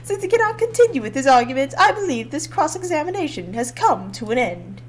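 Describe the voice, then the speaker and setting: A woman's voice: high-pitched, very animated, a little fast, a little hiss or hum. A woman voicing a haughty male bird prosecutor, reading game dialogue in a smug, formal, lecturing way.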